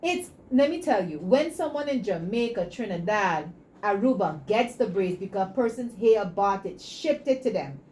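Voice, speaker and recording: A woman, a guest in an interview, telling stories and making her pitch with preachy passion. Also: animated, moderate pace, darkish tone, a little hiss or hum, low-quality recording. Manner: passionate, preachy, acts out dialogue. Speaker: entrepreneur guest.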